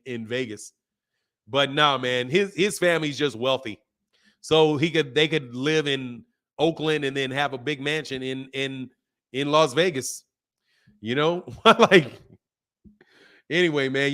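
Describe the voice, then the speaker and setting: He hosts a boxing channel and speaks at a fairly high pitch, responding to his chat in an animated, opinionated, easygoing way and laughing a lot.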